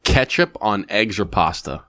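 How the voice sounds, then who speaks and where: A man's voice: on the low side, animated, measured pace, sharp tone. A man hosting a podcast in casual chat, easygoing and rambling as he tells jokes. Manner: easygoing, rambling, many fillers and restarts when telling jokes. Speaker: podcast host.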